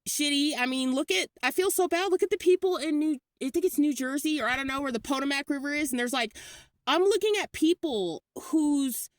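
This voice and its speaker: A woman's voice: high voice, a little fast, no echo. A woman from California, rambling anxiously and swearing into her phone outdoors at night. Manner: rambling, frightened, swears a lot. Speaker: vlogger. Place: outdoors at a car wash at night. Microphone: phone held while talking.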